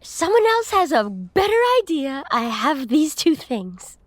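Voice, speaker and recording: A woman's voice: high voice, big pitch swings, unhurried, no room sound. A woman playing a tabletop game, playfully describing her character's actions. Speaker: player.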